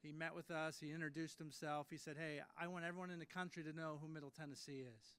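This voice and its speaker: A man in his late thirties rushes through an induction speech in a ceremony hall, his somewhat high, slightly bright voice smooth and fairly even in intonation. He tells stories at his own expense, with many fillers and restarts along the way.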